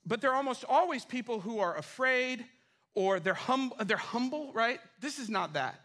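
Male pastor, high bright voice, casual and funny while preaching. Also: normal speed. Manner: animated, casual, humorous storytelling. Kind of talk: sermon. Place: church.

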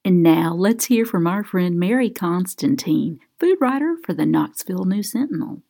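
Gravelly woman hosting radio. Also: lowish voice, animated, normal speed, mellow. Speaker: host. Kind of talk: scripted radio show hosting.

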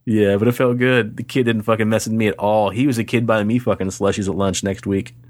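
A man's voice: fairly low pitch, a little fast, no room sound. A man co-hosting a podcast, chatting casually and telling stories with lots of swearing and acted-out quotes. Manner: profane, animated storyteller acting out quoted voices. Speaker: podcast co-host. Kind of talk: casual chat.

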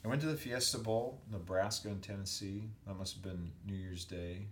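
Deep-voiced man telling lively stories. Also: normal speed. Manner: animated storyteller, acts out quoted people. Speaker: guest, music professor. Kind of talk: casual storytelling interview. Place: hotel room. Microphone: USB microphone. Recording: echoey hotel room, faint air-conditioner hum.

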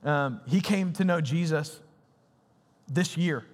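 Young guy preaching, high voice, laid-back slangy talk, echoey hall. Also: takes it slowly. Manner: casual, youthful slang, conversational preaching. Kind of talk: sermon. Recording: reverberant hall.

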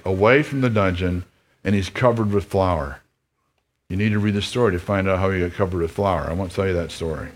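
A male pastor preaching a sermon who reads a story aloud and speaks to his listeners in an earnest, reflective way. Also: on the low side.

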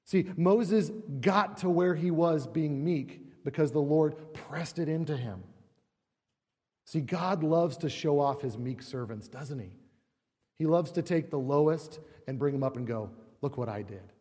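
A man's voice: on the high side, a little slow, a little mellow, breathy edge. A middle-aged male pastor preaching a sermon in a conversational way, full of rhetorical questions and acted-out quotes. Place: church sanctuary. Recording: long church reverb.

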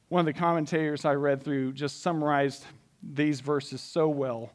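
A man preaching a conversational sermon, reading scripture aloud and explaining it, dropping his voice soft and slow for emphasis. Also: fairly high pitch, steady tone.

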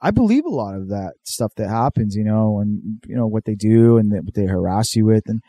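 Casual male co-host, rambling storyteller, mellow voice, close dry sound. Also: on the low side, animated, fairly quick, no echo. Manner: rambling, profane, laid-back, lots of fillers.

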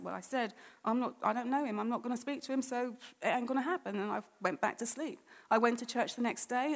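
A woman with a high voice shares her personal testimony at church, telling it as a story. Her tone is conversational, and she slips into re-enacting what she thought and said at the time. A long reverb surrounds her voice, as though she is in a large hall.

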